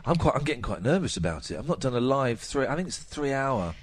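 A man's voice: medium pitch, fast talker, husky. Chatty man hosting radio. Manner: chatty, self-mocking, lively storytelling. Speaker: radio show host. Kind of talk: casual radio chat. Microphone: close headset mic.

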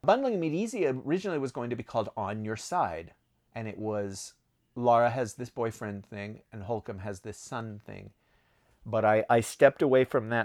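A man's voice: lowish voice, a little mellow. Rambling man chatting about his stories. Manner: rambling, self-correcting, laughs at own stories. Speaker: author answering reader questions. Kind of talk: casual chat.

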